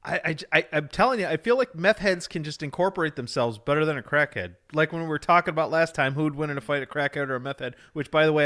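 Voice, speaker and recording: Male podcast co-host, slightly high voice, crude and rambling jokes. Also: fast talker, few pauses, bright, forceful tone. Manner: profane, rambling, jokey rants. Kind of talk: casual chat.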